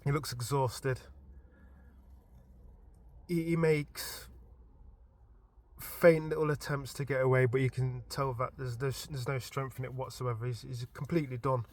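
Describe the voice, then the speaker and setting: A man casually telling a story from his dream as a vlogger, animated and informal, often stumbling and restarting his words. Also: mid-range voice, measured pace, pauses often. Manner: animated retelling with frequent stammered restarts; informal and chatty.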